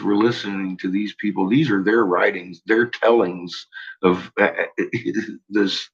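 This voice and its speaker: A man's voice: lowish voice, breathy edge, muffled recording. A man rambling through a profane, laugh-filled solo monologue. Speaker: channel host.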